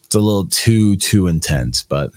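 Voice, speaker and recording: A man's voice: deep voice, lively intonation, normal speed, a little mellow, no echo, studio quality. A young man co-hosting a podcast, chatting casually about albums in a rambling, slangy, profane way. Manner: laid-back, slangy, profane, rambling with fillers. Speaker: podcast co-host reviewing albums. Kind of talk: casual chat.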